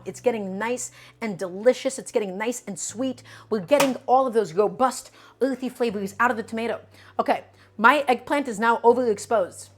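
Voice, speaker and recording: A chatty woman hosts a relaxed cooking livestream with a fairly high voice. She walks through each step in a friendly, reassuring way. She keeps stopping to answer questions from chat. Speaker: cooking show host.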